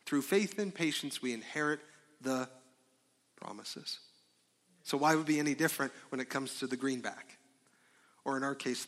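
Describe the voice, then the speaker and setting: A man preaching a sermon as a pastor, asking the congregation questions and breaking into loud, excited bursts. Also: fairly high pitch. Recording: long reverb of a large hall.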